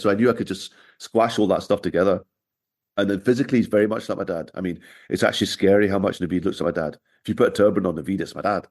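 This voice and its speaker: A man's voice: sits low, steady tone, quick pace, a little mellow. A middle-aged man, a podcast guest telling wry anecdotes in casual interview chat. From Scotland, raised in Glasgow.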